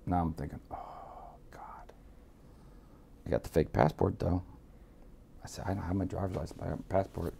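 Gravelly low-voiced man telling a crime story. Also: fast talker, slight background noise. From Miami. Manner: profane, streetwise, animated re-enactments. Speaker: interview guest. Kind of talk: casual storytelling.

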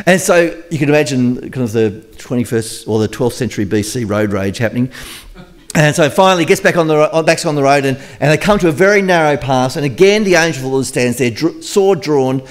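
A man's voice: medium pitch, animated, brisk. A man preaching a conversational sermon, retelling a story in a chatty, joking way.

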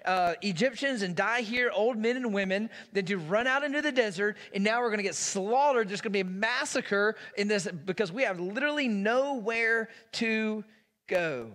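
A man's voice: high-pitched, lively intonation, moderate pace, a bit bright. A man voicing a panicked crowd of travelers who exasperatedly blame their leader. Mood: accusing. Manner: exasperated, accusing. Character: panicked, blaming crowd of fleeing people. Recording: long hall reverb.

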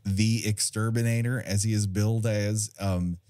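A man's voice: fairly low pitch, fairly even intonation, moderate pace, mellow, no room sound. A man co-hosting a podcast in casual film chat, joking and laughing often. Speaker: podcast co-host.

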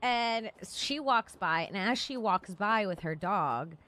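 A young woman telling a story in casual chat, animated, swearing freely and acting out shouted quotes. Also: mid-range voice, slow pace. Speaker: podcast host.

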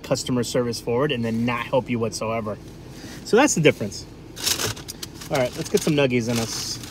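On his livestream, a New England food vlogger chats casually and rambles, filler words everywhere. His voice sits in the mid-range, and the background is noisy.

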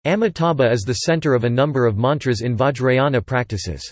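A computer-generated man's voice reading an encyclopedia article in an even, flat machine delivery. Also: mid-range voice, a little fast, no room sound. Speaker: text-to-speech reader.

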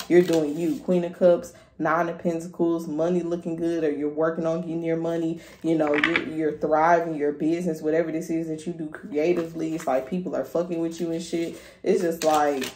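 Woman, tarot reader, low voice, blunt and profane, casual, echoey room. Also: a little fast, darkish tone. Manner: candid and profane, hyping the listener up. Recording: echoey room with faint noise.

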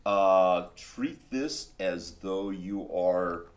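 A man narrating a tabletop game as game master, animated and laughing as he tells the story. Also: deep voice, very slow, slight background noise.

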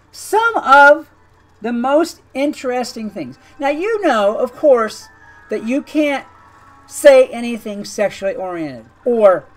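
A woman with a high-pitched voice talks through a gaming video in a loose, conversational way. She rambles and doubles back on her words, sounding incredulous. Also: rough recording. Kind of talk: chatty commentary over gameplay.

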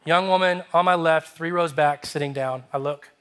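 Pastor guy telling a funny story in his sermon, acts out all the voices, bright sharp voice, kinda high. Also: moderate pace, smooth. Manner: animated, humorous, acts out dialogue.

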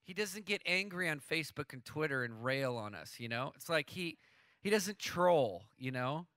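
A man in his thirties preaching a sermon in a church, casual and excitable, with slangy asides, restarts and sudden bursts of emphasis. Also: a little high, normal speed, dry recording. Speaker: worship leader preaching.

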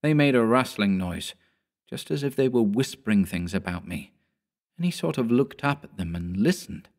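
A man narrating a horror story in a measured storytelling manner. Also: on the low side, animated, a little mellow. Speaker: audiobook narrator.

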